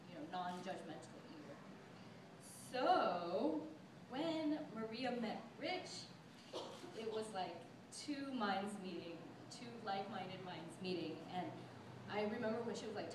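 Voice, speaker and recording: A young woman gives a maid of honor toast in a casual, chatty way, full of little laughs and fillers. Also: mid-range voice. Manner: chatty, giggly, filler-heavy. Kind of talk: wedding toast. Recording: echoey, distant mic, background noise.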